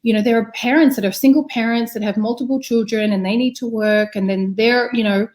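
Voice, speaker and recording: A woman's voice: fairly high pitch, brisk. A woman in her thirties, a nurse and mother, telling stories animatedly in a casual video-call chat. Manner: animated, storytelling with acted-out quotes. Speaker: guest, critical care nurse and mother.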